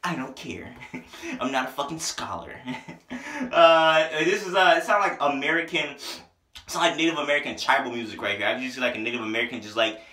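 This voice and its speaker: A man reviewing an album in a casual, rambling way, excitable and full of slang, with a headache. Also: medium pitch, a little fast. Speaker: music reviewer. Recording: echoey room.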